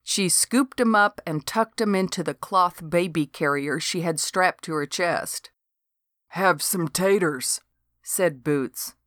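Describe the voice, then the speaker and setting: Woman audiobook narrator, measured and unhurried, lower voice. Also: dry recording, studio quality. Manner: steady, measured storytelling. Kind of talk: novel reading.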